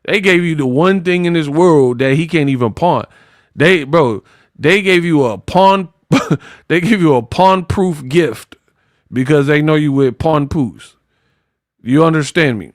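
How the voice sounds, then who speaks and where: A man hosting casual boxing commentary, animated and mocking, slipping into high-pitched impressions. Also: measured pace, no room sound, clean studio sound.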